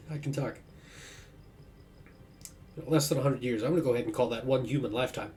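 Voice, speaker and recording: A man's voice: mid-range voice, brisk, long pauses, a little mellow. A man casually commenting while playing a video game, rambling and correcting himself as he goes. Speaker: let's-play host. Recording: faint background noise.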